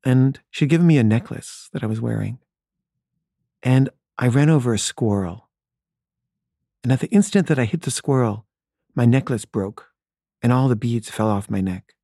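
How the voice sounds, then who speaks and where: Guy telling a story about his own life, wry and candid, soft mellow tone, dry close sound. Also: mid-range voice, lively intonation, normal speed, long pauses, no echo. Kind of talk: personal storytelling monologue.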